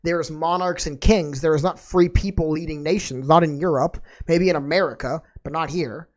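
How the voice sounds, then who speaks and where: A woman with a somewhat low voice hosting a casual podcast chat. She rambles from one tangent to the next, slangy and laid-back, with fillers and false starts all through. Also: fairly even intonation, moderate pace, darkish tone. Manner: laid-back and slangy, calling listeners dude and man. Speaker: podcast host.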